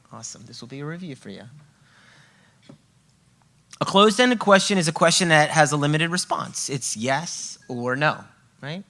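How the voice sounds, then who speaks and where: Guy running a parenting workshop for a live crowd, bright voice, emphatic, keeps going "okay? right?". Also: fairly high pitch. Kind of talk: live workshop talk to an audience. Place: room with a live audience.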